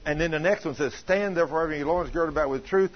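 A man preaching a sermon, telling a story about his wife in a folksy, colloquial way with bursts of loud emphasis. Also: on the high side, fast. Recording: dull lo-fi sound.

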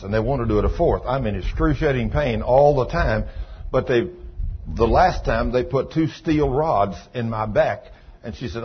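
A man preaches in a folksy storytelling way, dropping low and quiet as he retells, then rising loud with praise. His voice sits at an ordinary middle pitch. The recording is dull and lo-fi, with a faint hiss behind him. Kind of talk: sermon storytelling.

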